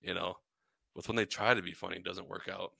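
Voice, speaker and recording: A man in his forties with a lowish but very sharp, bright voice, grumbling wryly in a casual podcast chat. He restarts his sentences often. The recording is dry and close. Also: steady tone, fast, creaky, no room sound. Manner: dry, wry complaining with many restarts. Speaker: podcast co-host.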